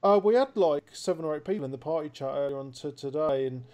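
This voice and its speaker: A man telling stories in casual podcast chat, lively and loose, with slang and the odd swear. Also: fairly high pitch, quick pace. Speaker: podcast co-host.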